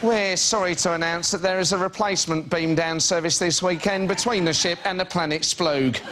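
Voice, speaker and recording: A man's voice: high-pitched, steady tone, normal speed, noisy background. A man delivering droll, matter-of-fact comedy lines on a panel show with a studio audience. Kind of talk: improvised comedy.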